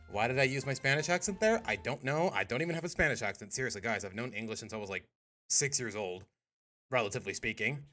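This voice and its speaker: A man's voice: medium pitch, lively intonation, fast, bright, forceful tone, faint music behind. A young man streaming, chatting casually with his viewers in a rambling, self-correcting way while reacting to a video.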